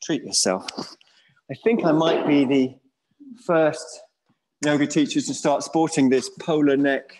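A man teaching a yoga class in a Buddhist centre studio, relaxed and joking about himself as he guides the students. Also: on the high side, unhurried, pauses often, slight background noise, poor audio. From England. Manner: relaxed and jokey, self-mocking asides.

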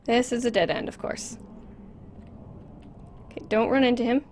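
A woman commenting on a horror game as she plays it, close to a desk microphone, nervous and repeating words in quick bursts. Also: on the high side, a little mellow, slight background noise. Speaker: gameplay commentator.

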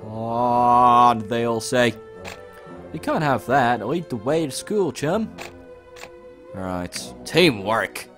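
A young man chats his way through a game, lively and expressive, his pitch bouncing freely. He reads on-screen lines aloud with playful outbursts. Soft game music plays underneath. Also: extremely slow, long pauses. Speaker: let's play host. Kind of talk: casual gameplay commentary.

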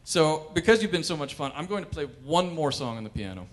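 A man performing wry, animated stand-up comedy on a cultural center stage. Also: a little high, brisk. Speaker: comedian and pianist.

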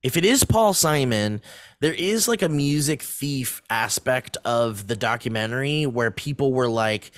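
A man's voice: medium pitch, lively intonation, measured pace, no echo, studio quality. A man in his thirties co-hosting a podcast, rambling through a casual story with plenty of swearing and laughter. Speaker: podcast co-host. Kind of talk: casual chat.

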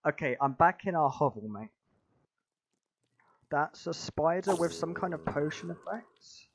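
A man grumbling through a game in casual commentary, deadpan and calling his friend mate. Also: on the high side, measured pace, a little hiss or hum. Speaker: gamer. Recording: dull lo-fi video audio.

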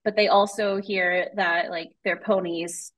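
A woman's voice: fairly low pitch, fairly even intonation, a little slow, fairly bright tone, low-quality recording. A woman co-hosting a podcast over a video call, chatting loosely as she recaps a book, with easy laughs and plenty of filler words. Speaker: podcast co-host. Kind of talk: casual chat recapping a book.

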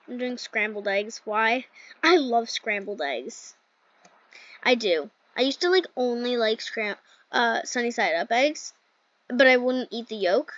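Her voice is on the high side and a bit bright, with no echo, as she hosts a gaming channel. She chats casually and giggles through her gameplay commentary, sprinkling in lots of "like." The recording sounds dull, lo-fi, and dry.

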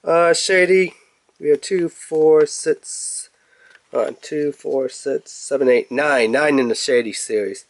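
A man's voice: a little high, steady tone, slow, dry recording. A young man casually reviewing toys, rambling and chatty and laughing at his own jokes. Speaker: toy reviewer.

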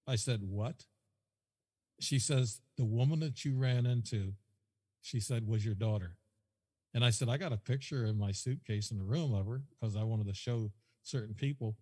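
Husky man telling a rambling story. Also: mid-range voice, moderate pace, mellow, in a large hall. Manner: rambling, repeats himself, quotes dialogue. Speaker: guest. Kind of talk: casual storytelling.

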